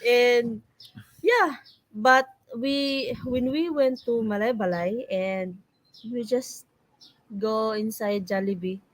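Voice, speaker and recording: A woman's voice: on the high side, slow pace, low-quality recording. A woman with a Filipino accent co-hosting a casual live podcast, speaking hesitantly with many fillers and giggles. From Philippines. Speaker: podcast co-host. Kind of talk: casual live-stream chat.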